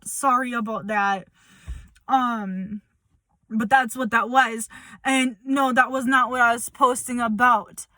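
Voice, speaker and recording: A woman's voice: fairly high pitch, fairly even intonation, slow, sharp tone, no echo. A young woman speaking bluntly and confrontationally in a personal update vlog, swearing as she calls someone out. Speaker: vlogger.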